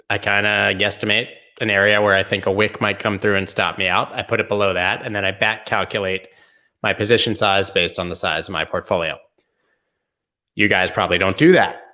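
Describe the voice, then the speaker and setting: A man's voice: fairly low pitch, pushed and bright. A man hosting a casual livestream, joking and riffing while he answers viewer comments. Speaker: host.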